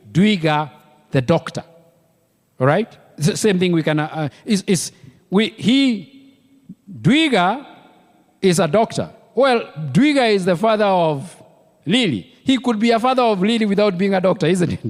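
A man's voice: high-pitched, big-room sound. A man with a Kenyan accent preaching a sermon as pastor, emphatic and repeating key words for weight. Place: church.

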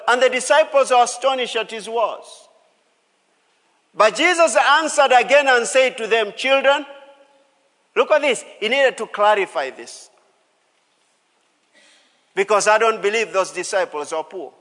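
A male pastor delivers a sermon with a notably high voice, leaning hard on key words and repeating them for the congregation. His voice rings out with the long reverb of a church hall. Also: measured pace, pauses often, a bit bright. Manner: emphatic, repeats key phrases, calls out to the congregation.

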